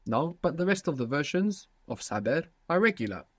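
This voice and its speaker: A man's voice: a little high, very animated, brisk, dry recording. A man teaching a language lesson, patiently prompting his student with questions.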